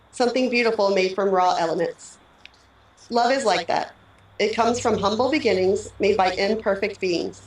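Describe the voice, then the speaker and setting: Woman officiating a wedding in an echoey hall. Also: mid-range voice. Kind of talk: wedding ceremony address. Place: wedding ceremony venue. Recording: echoey, picked up from a distance.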